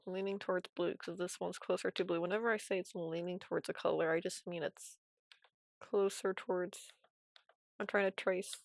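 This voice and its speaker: A woman streaming animation from home, giving casual commentary while she draws, in a soft, quiet, half-whispered way. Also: lowish voice, creaky, no echo.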